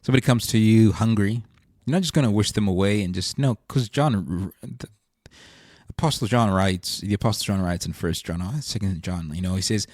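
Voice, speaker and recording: Earnest man, low voice. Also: brisk, darkish tone, no echo, clean studio sound. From South Africa. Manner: earnest, searching, thinks aloud. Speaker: podcast host. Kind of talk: reflective faith monologue.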